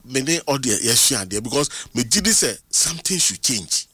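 A man with a Ghanaian accent hosting a sports talk show, chatting in an animated way and mixing English with Twi. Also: mid-range voice, brisk, slightly rough, no room sound. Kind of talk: casual studio sports talk.

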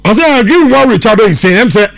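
A man's voice: high voice, expressive, very fast, creaky, dry recording. A man with a Ghanaian accent hosting a sports radio show, reading out listener messages in a casual, chatty way.

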